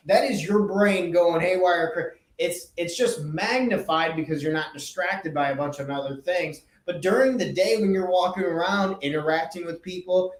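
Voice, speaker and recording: A man's voice: a little high, normal speed, few pauses. A man hosting a podcast, giving a casual motivational talk in an earnest, emphatic way and repeating his key phrases. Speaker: podcast host. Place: indoor room with a whiteboard. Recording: echoey room, voice from off-mic.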